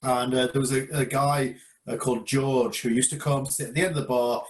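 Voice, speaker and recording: A man's voice: medium pitch, fairly even intonation, brisk. A man from England, a karate instructor, telling a story over a beer in a reflective, hesitant way with repeated words. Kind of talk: casual chat over a beer.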